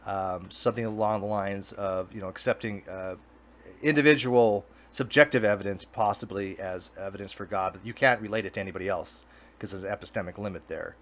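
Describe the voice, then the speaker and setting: A man's voice: lowish voice, a little fast, a bit bright. A man hosting a casual online debate show, blunt and swearing freely over a video call. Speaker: host, Navy veteran.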